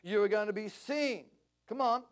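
Aussie pastor preaching, voice way up high, gets loud and fervent. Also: male voice, normal speed, smooth. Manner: impassioned preaching, rising to near-shouts. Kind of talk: sermon. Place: church service.

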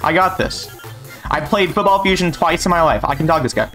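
Young male gamer, cocky play-by-play, a bit high-pitched, faint music under him. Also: animated, a little fast. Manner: boastful, joking trash talk. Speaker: gaming YouTuber. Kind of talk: live gameplay commentary.

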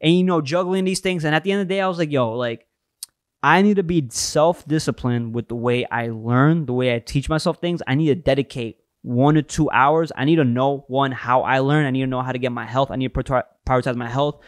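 A young man hosting a casual podcast chat, animated and swearing often. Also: medium pitch, brisk, no echo, clean studio sound. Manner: animated, swears a lot, talks in bursts. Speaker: podcast host.

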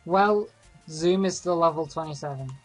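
Girl, kinda low voice, goofing around while gaming, little game music behind. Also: normal speed. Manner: goofy, playful, makes random noises. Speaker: co-player in a game playthrough. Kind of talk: casual gaming chat.

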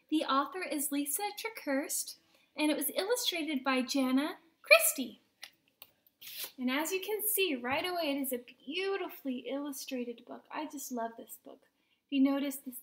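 A woman who teaches children's ministry, reading a picture book aloud to kids in a sing-song, animated way. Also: high-pitched. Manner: sing-song, warmly animated with voices for characters. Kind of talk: children's storybook read-aloud.

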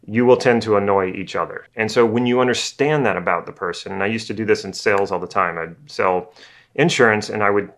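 In a casual video lesson, a male NLP teacher explains ideas while thinking aloud and repeating phrases, acting out slow and fast talkers. His voice is on the low side and a bit bright.

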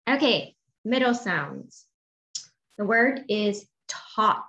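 A woman teaching a phonics lesson to young children, sounding out letters slowly and encouraging them to answer. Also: medium pitch, animated, bright, forceful tone. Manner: slow, drawn-out sounding of letters and words; encouraging, asks questions and waits. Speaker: kindergarten teacher. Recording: dull lo-fi audio with faint noise.

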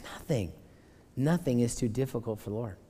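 Animated pastor preaching in an echoing sanctuary. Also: male voice, mid-range voice, normal speed, slightly rough. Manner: animated, emphatic, talks straight to the congregation. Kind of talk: conversational sermon. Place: church sanctuary. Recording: long reverb of a church sanctuary.

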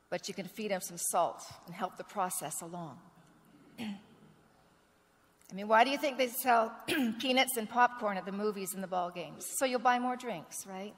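A woman pastor preaching a sermon with earnest storytelling, clearing a rough throat now and then. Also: medium pitch. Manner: earnest storytelling, acts out quoted dialogue. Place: church sanctuary. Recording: long reverb of a church sanctuary.

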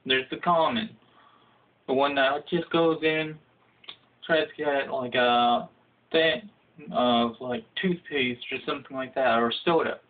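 A young man telling a comedic, profane story in a casual ranting way, jumping into high shouted voices for the people he quotes. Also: fairly even intonation, measured pace. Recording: phone-like lo-fi audio.

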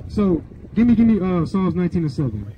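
Street preacher, man, high voice and quick delivery, dull lo-fi outdoor recording. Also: expressive. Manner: preachy, asks for verses and keeps saying "right?". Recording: dull lo-fi sound, faint outdoor noise.

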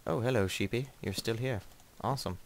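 A man's voice: mid-range voice, a little fast, a little hiss or hum. A young man casually commenting on his own gameplay, rambling and joking, easily startled. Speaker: gamer. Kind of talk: casual let's play commentary.

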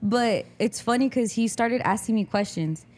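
A woman's voice: a little high, normal speed, darkish tone. A young woman hosting a podcast, telling a story in casual chat and acting out the people she quotes. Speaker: podcast host.

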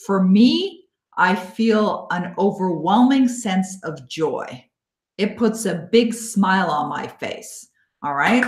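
A woman hosting a live online coaching webinar, encouraging and upbeat, thanking listeners by name and slowing down to guide them. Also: medium pitch. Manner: slow, coaxing guidance in visualization parts. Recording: echoey room.

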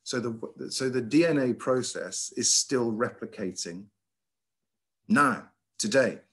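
A middle-aged man, a headmaster giving a lively, emphatic lecture over a video call, with frequent ums and uhs. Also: medium pitch, slow. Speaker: school headmaster giving a talk. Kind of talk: lecture with slides.

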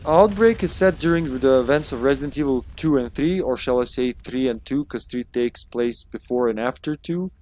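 A man's voice: mid-range voice, moderate pace, hardly any pauses, a little mellow. A man streaming a video game, giving casual, chatty commentary with swearing and laughter. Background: game music.

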